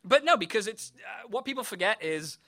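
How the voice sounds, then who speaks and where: An English man with a high, bright voice that swings animatedly up and down. He is a stand-up comic with a wry, self-deprecating and profane sense of humor. His tone is sharp and forward. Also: animated, brisk. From England. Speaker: stand-up comedian. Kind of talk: stand-up set and casual interview.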